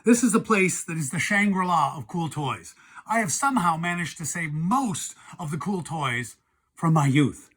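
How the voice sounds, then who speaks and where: Husky high-voiced man showing off toys. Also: expressive, normal speed, fairly bright tone. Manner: enthusiastic, chatty, imitates toy sounds. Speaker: toy collector host. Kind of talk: casual show-and-tell.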